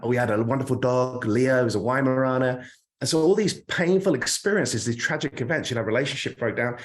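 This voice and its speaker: British male coach, earnest and emphatic, motivational online talk, middle pitch. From United Kingdom. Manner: earnest, emphatic, repeats words when stressing a point. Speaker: career coach.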